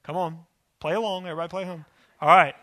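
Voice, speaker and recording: A male pastor preaches with animated energy, acting out scenes and prodding his listeners. His voice is bright and forceful, a touch higher than most men. The sound is dry and close. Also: quick pace, no room sound. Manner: animated, acts out biblical quotes, prods the audience. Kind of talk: sermon.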